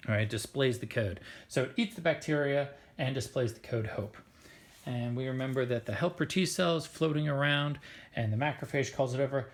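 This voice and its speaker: Guy explaining biology stuff, chatty and playful, kinda gravelly voice. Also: medium pitch, normal speed. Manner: chatty, playful, with filler words. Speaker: science teacher. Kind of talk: casual explanatory lesson.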